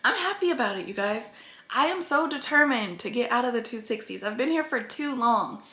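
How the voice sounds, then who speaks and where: Speaking earnestly to her viewers, a woman vlogs about her weight-loss progress in a rambling way, sometimes close to tears. Her voice is fairly high, sharp, and lively, a touch fast, recorded in an echoey room.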